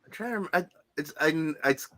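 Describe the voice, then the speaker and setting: Male co-host, higher pitch, bright and forceful, rambling casual chat. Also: brisk. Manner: rambling storyteller, many likes and restarts. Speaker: podcast co-host.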